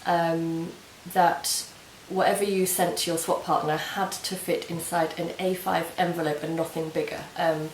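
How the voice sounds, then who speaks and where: A woman's voice: lowish voice, level tone, measured pace, few pauses. Chatty woman in a roomy room. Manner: chatty and gushing, many ums and restarts. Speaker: knitting podcast host. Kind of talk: casual video podcast chat. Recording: roomy home recording with faint hiss.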